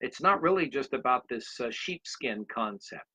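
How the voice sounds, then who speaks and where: A man's voice: medium pitch, lively intonation, moderate pace, sharp tone, slightly rough. A man in his sixties giving a motivational talk, rambling through anecdotes and speaking straight to his listeners. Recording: dull lo-fi recording.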